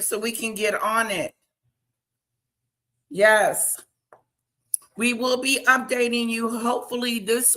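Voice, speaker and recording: A woman in her thirties hosts a casual livestream and talks through everyday stories at an unhurried pace. Her voice is bright and clear, and she tells things in a chatty way. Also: fairly high pitch. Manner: slow, chatty storytelling with laughs. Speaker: livestream host.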